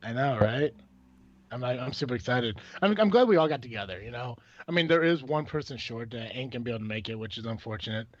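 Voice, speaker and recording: A man's voice: mid-range voice, lively intonation, fast, dry recording. A man from Illinois hosting a casual podcast, rambling and joking with lots of swearing. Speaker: podcast host. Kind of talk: casual chat. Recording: dull, dry, lo-fi sound.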